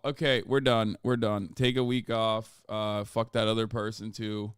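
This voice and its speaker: A man's voice: lowish voice, level tone, unhurried, smooth, no echo, studio quality. A man livestreaming and chatting casually. He sounds exasperated, swears often and reads chat comments aloud. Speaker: livestreamer selling merch.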